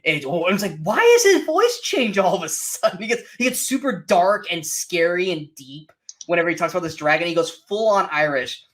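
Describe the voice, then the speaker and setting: A man co-hosting a casual movie review show, animated and mocking, often acting out quotes from scenes. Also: sits high, fairly quick. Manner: animated, mocking, acts out quotes in silly voices. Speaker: podcast co-host.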